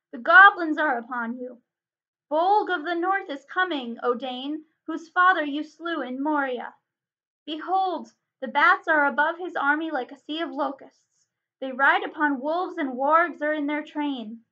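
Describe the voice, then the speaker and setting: A woman voicing a commanding old male wizard, calling out loudly and urgently in a storybook reading. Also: high-pitched, moderate pace, few pauses. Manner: loud ringing calls. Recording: dull lo-fi recording.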